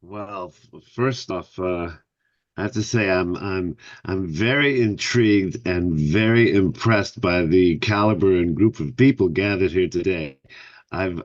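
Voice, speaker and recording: A man's voice: fairly low pitch, highs cut off. A man in his sixties introducing himself to an online class with a rambling personal story, often restarting his sentences. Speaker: class participant.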